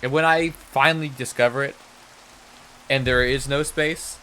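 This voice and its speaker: Through a low-quality recording with slight hiss or hum, a medium-pitched, pushed and bright male voice comes at normal speed. He's streaming a game casually, mumbling to himself and trading jokes of fake outrage with viewers.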